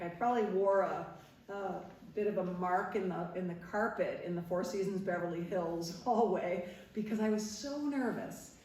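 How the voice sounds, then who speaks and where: A middle-aged woman from Nova Scotia, a former TV interviewer, telling stories to a live audience, laughing often and acting out what people said. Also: mid-range voice. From Nova Scotia, Canada. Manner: animated storyteller, laughs often, acts out quotes. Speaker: guest speaker, former TV interviewer. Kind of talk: storytelling talk to a live audience. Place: parish hall. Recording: echoey hall, voice from far off.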